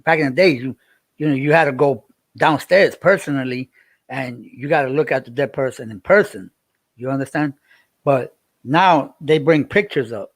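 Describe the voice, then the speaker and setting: A man's voice: medium pitch, moderate pace, no echo. A man, livestreaming and chatting with viewers in a rambling way, repeating himself as he tells a story. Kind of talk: casual livestream chat.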